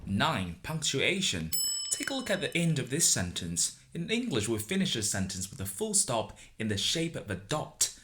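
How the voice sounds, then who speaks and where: Man, native Chinese speaker, teaching an upbeat lesson with a very animated, swooping delivery, over clear background noise and clicks. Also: medium pitch, moderate pace. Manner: upbeat, stresses example words. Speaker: language teacher. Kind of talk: scripted explainer lesson. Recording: noisy recording with clicks.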